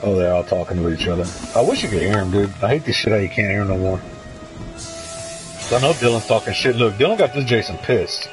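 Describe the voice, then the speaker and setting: A man streaming a horror game, talking casually and excitedly with lots of swearing as he hypes up another player. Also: lowish voice, brisk, low-quality recording. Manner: excitable, profane, hyping a fellow player. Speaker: gaming streamer. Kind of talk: casual gameplay commentary. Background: game music.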